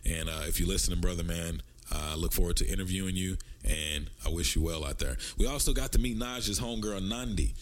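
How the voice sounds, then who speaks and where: Deep-voiced Southern man telling stories. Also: a little fast, few pauses. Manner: animated storytelling, swings up in pitch for emphasis. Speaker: podcast host. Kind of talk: casual podcast chat.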